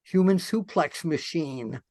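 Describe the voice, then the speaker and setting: A man's voice: on the high side, animated, slow pace, darkish tone, dry recording, studio quality. A man hosting a wrestling interview, reacting with enthusiasm and asking short questions. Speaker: interview host. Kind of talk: casual interview chat.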